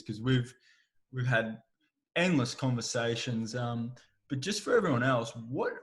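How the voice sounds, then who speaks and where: A man hosting a podcast, a former coach who tells stories and asks questions in a chatty, enthusiastic way. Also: medium pitch. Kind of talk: casual podcast interview.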